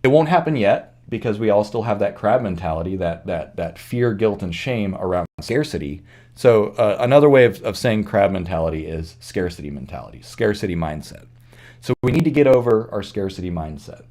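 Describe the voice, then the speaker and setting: A man's voice: fairly low pitch, animated, a little fast, a little mellow. A man hosting his channel, talking through his ideas in an earnest, reflective monologue, often restarting and correcting himself mid-sentence. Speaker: channel host. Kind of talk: unscripted monologue commentary.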